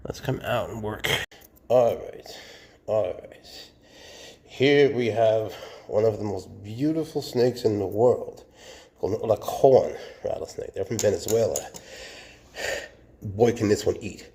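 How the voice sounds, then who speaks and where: A man's voice: fairly low pitch, dark tone. A man who keeps snakes, talking casually in a chatty, joking way and speaking tenderly to the animals he handles. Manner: chatty, jokey, talks tenderly to his snakes. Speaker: snake keeper. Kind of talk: casual show-and-tell vlog.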